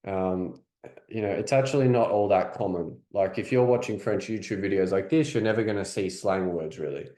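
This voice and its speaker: A man with an Australian accent teaching French in a casual, chatty way, sometimes repeating phrases slowly to demonstrate them. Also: lowish voice, warm tone. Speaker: French coach. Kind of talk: language lesson. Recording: roomy echo.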